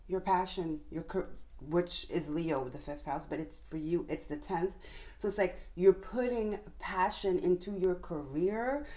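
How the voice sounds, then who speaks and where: Fast-talking woman tarot reader. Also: on the low side. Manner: fast, passionate talker; addresses viewers directly, calls on Spirit. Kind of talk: tarot reading monologue.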